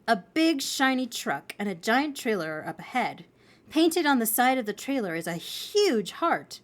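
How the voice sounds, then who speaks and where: A woman reading a children's novel aloud in an expressive storytelling manner. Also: fairly high pitch, moderate pace.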